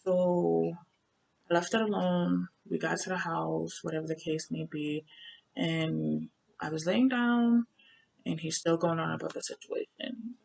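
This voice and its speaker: Young woman, low voice with some fry, casual personal storytelling. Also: level tone, a little slow, a little mellow, rough recording. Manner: conversational, loose, repeats phrases. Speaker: survivor sharing her story.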